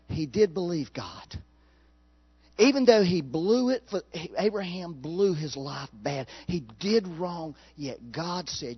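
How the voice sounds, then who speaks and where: Folksy male preacher, high lively voice, dull lo-fi recording. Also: takes it slowly, husky. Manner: animated, folksy, laughs at own jokes. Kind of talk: sermon.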